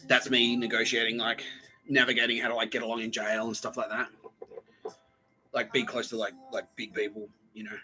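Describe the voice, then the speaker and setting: A man's voice: medium pitch, flat delivery, moderate pace, pauses often, sharp tone, faint music behind, low-quality recording. A man telling a rambling personal story, laughing often, swearing freely and acting out quotes. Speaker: podcast host.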